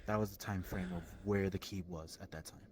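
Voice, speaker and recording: A man in character as a witness, recounting events haltingly with many pauses and restarts. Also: sits low, fairly even intonation, a little hiss or hum. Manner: hesitant, halting, full of ums and restarts. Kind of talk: in-character roleplay testimony.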